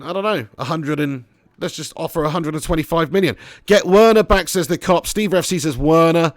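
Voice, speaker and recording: A man's voice: on the high side, no echo. Chatty man streaming a football game. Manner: chatty, rambling, laughs while reading chat. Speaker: gaming streamer. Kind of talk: casual live-stream game commentary.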